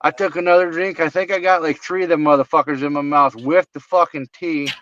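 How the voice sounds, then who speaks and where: A man's voice: fairly high pitch, steady tone, brisk, fairly bright tone, slight background noise. A man co-hosting a podcast, telling a laid-back, profane funny story about his truck and his wife. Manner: laid-back, swearing, amused. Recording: slightly muffled, dry.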